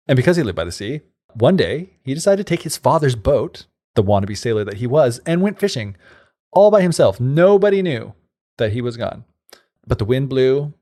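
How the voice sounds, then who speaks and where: A man's voice: medium pitch, very animated, moderate pace, dark tone. Rambling male podcast storyteller. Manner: rambling, many likes and asides. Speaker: podcast co-host. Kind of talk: casual storytelling chat.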